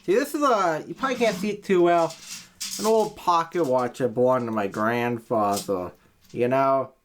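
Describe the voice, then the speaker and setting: A man's voice: mid-range voice, moderate pace, a little hiss or hum. A man making a comedic video, swearing often and ranting in an exasperated, rambling way that keeps stopping and restarting. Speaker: video creator. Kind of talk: profane comedic rant to camera.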